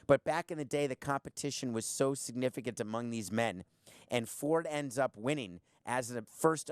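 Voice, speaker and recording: A man hosting his own podcast, talking alone in a blunt, sarcastic way and piling up rhetorical questions. His voice sits at an ordinary middle pitch. The sound is dry and close, with no room around it. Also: smooth, dry recording. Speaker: podcast host. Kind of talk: opinionated solo commentary.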